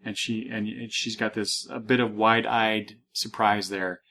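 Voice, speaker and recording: A man's voice: on the low side, fairly even intonation, unhurried, creaky, pushed and bright. A man hosting a casual podcast, talking through a comic book with many restarts and fillers, reading panels aloud. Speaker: podcast host.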